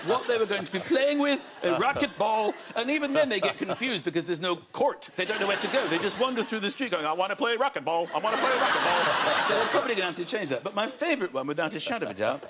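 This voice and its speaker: A man in his forties tells comic stories as a chat-show guest, acting out little bits as he goes. His voice sits high and swings widely in pitch. The studio is loud with audience laughter behind him. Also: lively intonation, fast, hardly any pauses, very noisy. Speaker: comedian guest.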